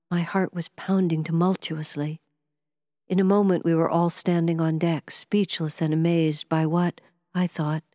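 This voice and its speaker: Low-voiced woman reading a story. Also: dry recording, clean studio sound. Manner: measured, expressive reading. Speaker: narrator. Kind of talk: storybook narration.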